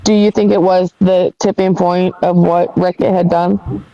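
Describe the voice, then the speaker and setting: A woman's voice: on the low side, little pitch movement, unhurried, dull audio, crowd noise. A woman in a livestream chat, pressing others with pointed questions. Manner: probing, asks pointed questions.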